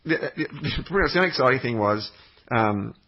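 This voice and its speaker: A man's voice: mid-range voice, animated, brisk, muffled recording. A man, chatting as a podcast guest, telling rambling stories and swearing freely. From Australia. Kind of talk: casual chat.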